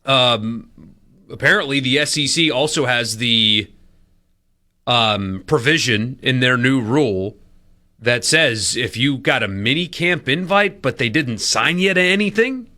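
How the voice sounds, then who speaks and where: A man co-hosting a sports talk radio show, chatting casually with a wry, quick wit. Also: medium pitch, lively intonation, pushed and bright.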